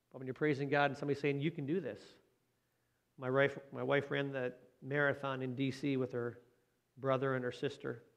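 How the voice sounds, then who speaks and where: A man preaching a conversational sermon as a pastor. He talks in a folksy way, asks the listeners questions and adds light joking asides. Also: mid-range voice.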